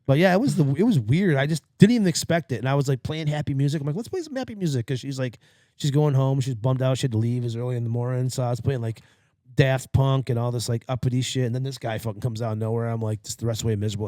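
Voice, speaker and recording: Fast-talking, cursing podcast storyteller man. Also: medium pitch, no room sound, studio quality. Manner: profane, animated storyteller acting out quotes. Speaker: podcast co-host. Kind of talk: casual storytelling chat.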